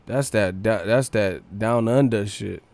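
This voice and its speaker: A man's voice: lowish voice, measured pace, vocal fry, darkish tone. A man hosting a livestream, casually reading comments aloud in a profane, slangy way, often breaking into laughter. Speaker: livestream host.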